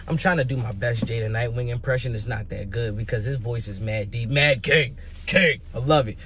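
A young man giving casual, hyped commentary as a vlogger, animated and emphatic, with rhetorical questions and repeated words. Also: mid-range voice, brisk. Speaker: vlogger making predictions.

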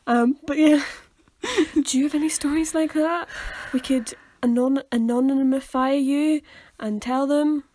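Young female podcast co-host, high-pitched, chatty and teasing. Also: unhurried, mellow, slight background noise. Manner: chatty, sets scenes and teases, laughing often. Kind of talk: casual chat.

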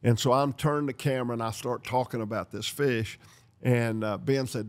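An older man from North Carolina, hosting a podcast and telling lively stories, acting out the dialogue as he goes. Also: medium pitch, moderate pace. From North Carolina, USA. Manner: lively storyteller who acts out dialogue and laughs. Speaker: podcast host. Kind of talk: storytelling podcast chat.

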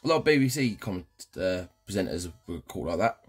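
Male let's-player, low husky voice, cheeky banter to viewers. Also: big pitch swings, a little fast, faint music behind. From England. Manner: cheeky, banter-heavy, keeps addressing viewers. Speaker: gaming channel host. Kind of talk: casual let's-play commentary.

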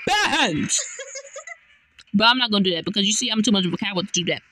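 A woman commentating her own gameplay, excitable, often yelling and laughing at the game. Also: mid-range voice, rapid-fire, faint music behind. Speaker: gamer. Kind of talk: let's-play gameplay commentary.

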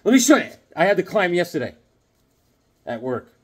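A husky-voiced man in his fifties, sitting a little high in pitch, talks about comics in a loose, rambling, joking way. His voice jumps up and down a lot as he gets excited. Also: moderate pace. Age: 50s. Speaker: comic book vlogger. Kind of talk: casual chat to camera.

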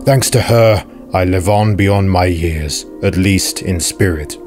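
A man voicing a wise, solemn old male ghost pirate lord in measured, old-fashioned speech. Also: deep voice, darkish tone, soft background music.

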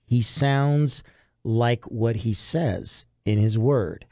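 Male radio preacher, earnest and direct, warm mellow tone, dry studio mic. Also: mid-range voice, dry recording. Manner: earnest, quotes scripture, builds in quick bursts.

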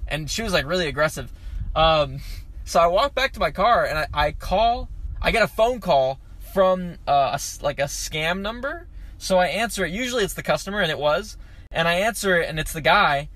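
A young man, a food delivery driver, telling a story in a casual vlog, animated and acting out the people in it, swearing casually. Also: sits high, normal speed. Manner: animated, acts out quoted voices, swears casually.

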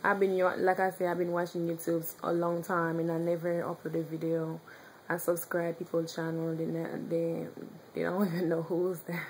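Haitian-accented young woman vlogger, lowish voice, chatty, stops to find words, faint hiss behind. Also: monotone, darkish tone, rough recording. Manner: chatty, halting, searching for words. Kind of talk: casual chat.

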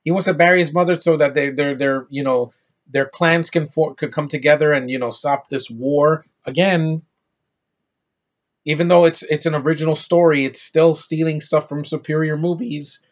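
A man's voice: on the high side, steady tone, moderate pace, muffled recording. Exasperated man ranting about a film. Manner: exasperated and sarcastic, with sudden loud outbursts. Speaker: movie reviewer. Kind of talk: casual movie rant.

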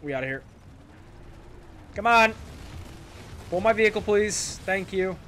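Young man, gameplay commentary, sarcastic, exasperated, slightly higher voice, faint game gunfire behind. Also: animated, unhurried, a bit bright, a little hiss or hum. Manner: exasperated, sarcastic, frequent outbursts. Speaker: gaming YouTuber.

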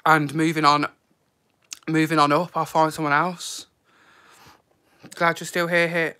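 Chatty man, bright voice. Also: fairly high pitch, flat delivery, a little slow, pauses often, clean tone. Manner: chatty and emotional, heavy use of "like" and "literally". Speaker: live-stream host. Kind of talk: casual live-stream chat.

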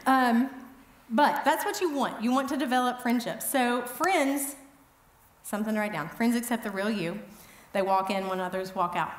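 A middle-aged woman speaking at an event, telling funny, self-deprecating stories in a chatty, animated way. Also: medium pitch, echoey room. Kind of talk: humorous storytelling talk. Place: event hall.

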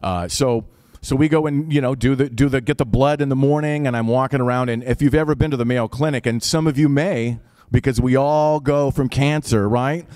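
A man's voice: medium pitch, brisk, darkish tone, no echo, studio quality. A man with an Upper Midwest accent telling a personal story live, in a casual, wry, profane way.

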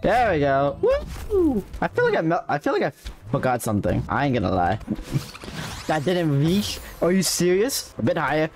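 A streamer giving excitable gaming commentary, yelping, shouting and hyping themselves up. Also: medium pitch, moderate pace, soft background music. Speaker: streamer playing a platform game.

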